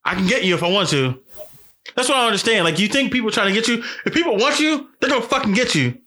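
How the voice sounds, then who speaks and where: A man's voice: sits high, quick pace. A man telling a story in casual chat, angry and profane, his voice jumping up when he acts out what he said. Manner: animated, voice jumps up for quoted outbursts.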